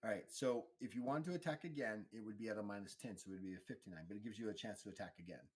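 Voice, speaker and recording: A man running a tabletop role-playing game as game master, explaining rolls and narrating the action in a relaxed, halting way. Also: lowish voice, breathy edge. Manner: relaxed, halting, with frequent fillers and restarts.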